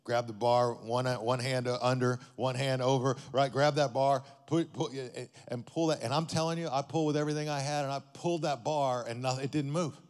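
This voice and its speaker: A man's voice: medium pitch, fairly even intonation, fairly quick, hardly any pauses, smooth, long reverb tail. A man, a pastor, telling a story in a sermon in a conversational way, often checking in with his listeners.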